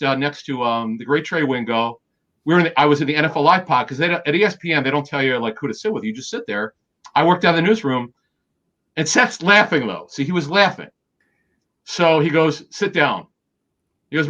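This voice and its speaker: Man telling quick stories, slightly muffled. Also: fairly high pitch, fairly bright tone. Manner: rapid anecdotal storytelling with quoted dialogue and many restarts. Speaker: guest. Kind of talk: storytelling in an interview.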